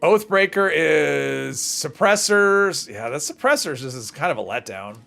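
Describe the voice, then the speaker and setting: A man's voice: a little high, lively intonation, measured pace, creaky, sharp tone, faint music behind. A man streaming a game, rambling casually and chatting with viewers as he plays. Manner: rambling, chats with viewers while playing. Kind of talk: casual gameplay commentary.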